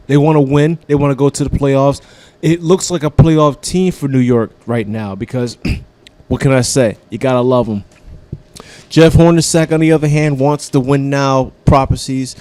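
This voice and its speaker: A man's voice: mid-range voice, fairly even intonation, normal speed, a little mellow, dry recording. A man hosting a comedy radio show, giving a casual, profane sports rant like a devoted fan.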